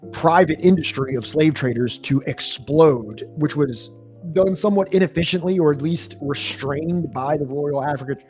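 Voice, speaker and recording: Man reading history aloud, measured. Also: fairly high pitch, darkish tone. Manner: thoughtful, with frequent fillers and self-corrections. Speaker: co-host of a history stream.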